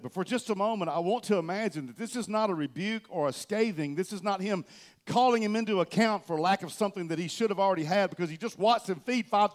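A male pastor preaching a sermon from a church stage, telling the story with animation and swinging between loud and soft. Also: a little high.

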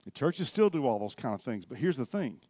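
A middle-aged man preaching a sermon as pastor, swinging between loud exhortation and quiet reflection. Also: medium pitch, big pitch swings, fairly quick.

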